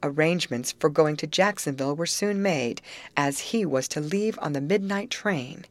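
Low-voiced woman reading a story. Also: normal speed. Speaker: audiobook narrator. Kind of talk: scripted narration.

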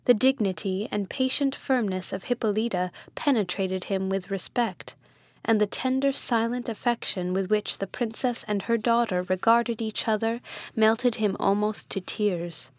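A woman narrating a classic novel in a measured, lightly dramatized reading. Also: medium pitch, darkish tone, no room sound. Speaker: audiobook reader.

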